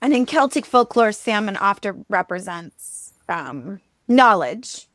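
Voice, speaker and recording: A woman's voice: mid-range voice, very animated, slow, a bit bright, no room sound, studio quality. A woman hosting a podcast, casually retelling a myth in a chatty way, with fillers and laughs. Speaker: podcast host. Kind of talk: casual storytelling chat.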